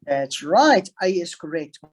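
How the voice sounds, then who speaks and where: Slow, patient woman teaching grammar. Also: lowish voice, very animated, poor audio. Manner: slow, patient, stresses example sentences. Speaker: English teacher. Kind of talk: online grammar lesson. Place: online class. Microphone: video call.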